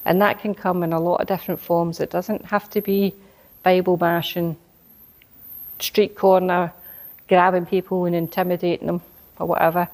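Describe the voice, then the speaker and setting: A woman's voice: on the low side, level tone, moderate pace, a little mellow. A woman preaching a sermon, telling a personal story and building into emphatic exhortation.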